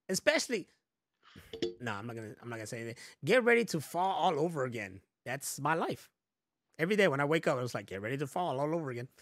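A man's voice: fairly high pitch, big pitch swings, quick pace, a bit bright. A man co-hosting a podcast, joking and laughing through loose, profane casual chat. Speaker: podcast co-host.

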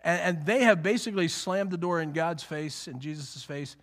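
A man teaching a conversational Bible sermon, animated and emphatic, acting out the quotes as he goes. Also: fairly high pitch, moderate pace. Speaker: preacher.

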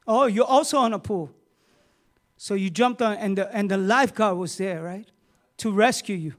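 A middle-aged man with a strikingly high voice preaches a sermon. He asks his congregation questions in a chatty way, then builds to loud, emphatic preaching. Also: moderate pace. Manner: talks with the congregation, asking questions. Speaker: pastor.

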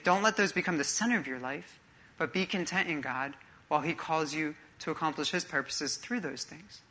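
Male pastor, conversational sermon, bright forward tone, searching questions. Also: a little high. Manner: earnest, conversational preaching with rhetorical questions.

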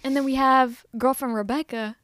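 A woman's voice: high voice, normal speed. A young woman co-hosting a podcast in casual chat, recapping TV episodes at an easy pace, with lots of "mm-hmm" and sighs of "ugh". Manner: relaxed, backchannels a lot and sighs "ugh" over cute moments. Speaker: podcast co-host.

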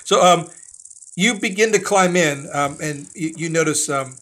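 A game master with a fairly high voice, narrating a horror scenario. He pauses often and reaches for words mid-sentence while describing the scene to the players. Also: a bit bright. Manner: hesitant, with many fillers and restarts.

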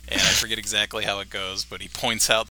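A man's voice: fairly low pitch, flat delivery, quick pace, bright, forceful tone. A man co-hosting a podcast, casually retelling a cartoon episode and laughing along. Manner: laughing, retelling scenes with quoted lines. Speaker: podcast co-host.

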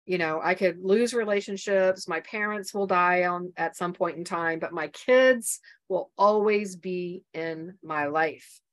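A middle-aged woman, a podcast guest who coaches mothers, telling a painful personal story in an interview, earnest and halting with many restarts. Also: lowish voice.

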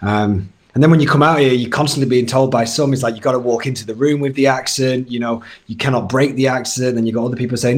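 A man's voice: mid-range voice, steady tone, fast talker, few pauses. A man in his thirties with a Northern English accent, chatting casually as an actor guest in an interview, with lots of fillers and restarts. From Northern England. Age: 30s.

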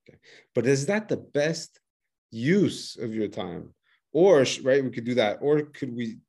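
A man's voice: fairly low pitch, darkish tone. A man hosting a casual conversation as an English teacher, chatty and bilingual, laughing often between points. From bilingual English-French speaker living in France. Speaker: podcast host, English teacher.

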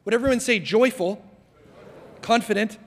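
High-voiced young man preaching, joking. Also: normal speed. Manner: joking, self-deprecating, lively storytelling. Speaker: guest preacher. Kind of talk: sermon. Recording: long hall reverb.

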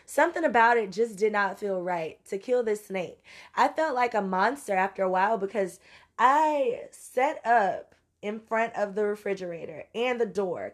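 Animated Louisiana woman telling a story. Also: medium pitch. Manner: animated, salty, acts out her own quotes. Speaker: vlogger. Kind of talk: casual storytelling.

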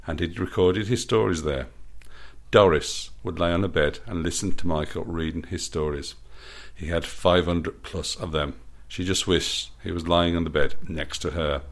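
Deep-voiced man reading a story. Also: vocal fry. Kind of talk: reading his own story aloud.

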